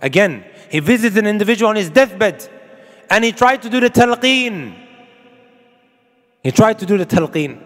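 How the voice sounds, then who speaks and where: A man's voice: high voice, expressive, normal speed, long pauses, a bit bright, long reverb tail. A man preaching a sermon to an audience, emphatic and full of rhetorical questions, with Arabic quotations. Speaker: Islamic preacher.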